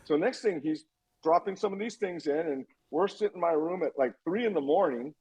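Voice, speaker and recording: A man's voice: on the high side, moderate pace, slightly rough, poor audio. A man in his fifties telling a story as a podcast guest, acting out the dialogue with lots of swearing. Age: 50s. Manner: animated, acts out quoted dialogue, frequent swearing. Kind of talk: storytelling interview chat.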